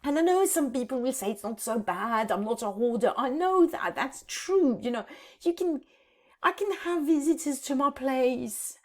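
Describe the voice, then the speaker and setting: Woman, 50s, vlogger, emotional, halting, close to tears, higher voice. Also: lively intonation. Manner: halting, repeats words, tearful. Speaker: decluttering vlogger. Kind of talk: emotional vlog to camera. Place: home office.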